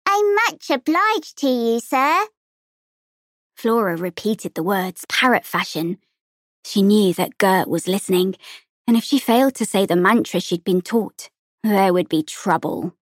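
Woman reading an audiobook, steady and measured, dry close sound. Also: medium pitch, no room sound. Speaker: audiobook narrator. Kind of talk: scripted narration.

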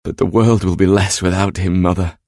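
A man's voice: low voice, steady tone, a little mellow, no room sound, studio quality. A man voicing a solemn, sorrowful godlike male warrior who speaks in grave, formal sentences. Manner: grave, formal, measured speech.

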